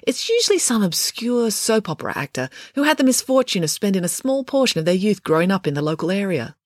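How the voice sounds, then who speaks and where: A prim know-it-all teenage girl who talks down in a matter-of-fact way, as a woman reading a storybook puts her on. The voice moves lively in pitch. The sound is dry and close. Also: fast, no echo.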